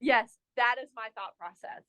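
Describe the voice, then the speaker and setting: A young woman from North Carolina, a resort general manager, tells a story as a podcast guest in an animated, self-mocking way and fills her talk with "like.". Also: fairly high pitch, moderate pace. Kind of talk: casual interview storytelling.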